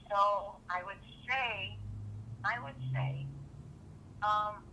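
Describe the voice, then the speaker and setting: A middle-aged woman calling in, hoarse from too little sleep, talking in a chatty, rambling way. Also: medium pitch, sing-song, drawn-out words, pushed and bright, a little hiss or hum, low-quality recording. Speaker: caller. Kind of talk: phone call chat.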